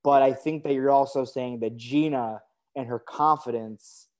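A man co-hosting a casual recap podcast, upbeat and full of enthusiastic praise. His voice sits at a middle pitch for a man. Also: steady tone, measured pace, darkish tone. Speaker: podcast co-host.

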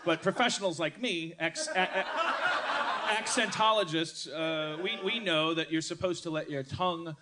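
A man's voice: a little high, normal speed. A man hosting a live comedy podcast, rambling and self-mocking, often laughing, on a noisy live stage. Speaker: host. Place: live stage in a hut venue.

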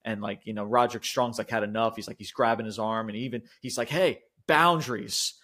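A young man with a lowish voice talks fast while co-hosting a podcast. He recaps events in loose, rambling chat packed with fillers, swearing, and frequent laughter, retelling things animatedly.

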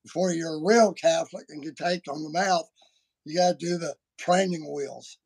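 Podcast host guy, gravelly voice, kinda high, folksy and chatty. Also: moderate pace. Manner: animated, folksy storytelling. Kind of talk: casual chat.

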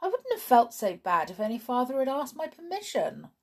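A woman's voice: high voice, wildly swooping pitch, fairly quick, darkish tone, pitched above the performer's own voice, full character voice. A woman voicing a sulky, proud, hot-headed tomboy girl who speaks scornfully and with emphasis.

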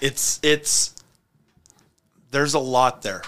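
A man hosts a podcast and tells a story in loose, casual chat. His voice sounds bright and forward, and he tells it in an animated way, laughing often. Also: mid-range voice, drawn-out words. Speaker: podcast host.

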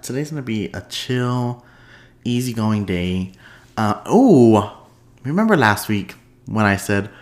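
Tired at the end of a long day, this solo podcast host keeps his unscripted chat bubbly and expressive, speaking at a measured pace with frequent pauses. He often breaks into laughter, and his pitch swings upward whenever he slips into a playful aside.

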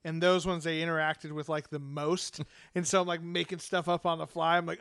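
A man's voice: a little high, level tone, brisk, a bit bright, clean tone, no echo, studio quality. A man chatting casually as a podcast host about running a tabletop game, rambling with lots of fillers and laughter. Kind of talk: casual chat.

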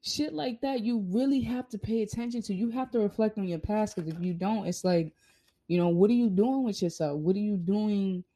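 A woman's voice: mid-range voice, moderate pace, mellow. Blunt, swearing young woman preaching. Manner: blunt, profane and preachy, with emphatic rhetorical questions. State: hiccuping. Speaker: vlogger. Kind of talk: motivational monologue.

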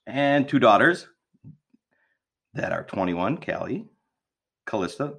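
A man's voice: lowish voice, big pitch swings, slow, creaky, fairly bright tone, breathy edge. A man in his fifties, a grandfather, co-hosting a podcast in easygoing, teasing casual chat. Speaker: podcast co-host.

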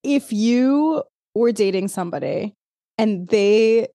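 A woman's voice: fairly high pitch, animated, slow, dark tone, dry recording, studio quality. A woman co-hosting a podcast in casual chat. She swears freely, laughs often, and talks in loose, rambling stretches. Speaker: podcast co-host.

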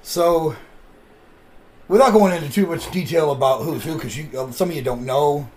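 A man hosting a podcast, chatting casually and telling stories with animated delivery. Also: on the high side, normal speed. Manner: animated storyteller. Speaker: podcast host. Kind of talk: casual chat.

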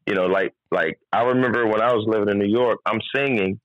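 A singer from Virginia telling stories on a podcast. He does the voices of the people in them and keeps breaking into high, disbelieving outbursts. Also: fast, dry recording, highs cut off. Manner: animated, mimics people, jumps into incredulous high-pitched outbursts. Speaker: singer and recording artist. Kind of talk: casual podcast storytelling.

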